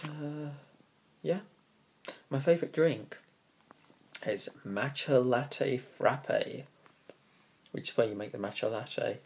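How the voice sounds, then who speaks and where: A man's voice: medium pitch, vocal fry, breathy edge. A young man from southeast England with a southeast English accent, answering a list of questions in a dry, sarcastic and rambling way. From Kingston upon Thames, England. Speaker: vlogger. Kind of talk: casual answers to a question tag.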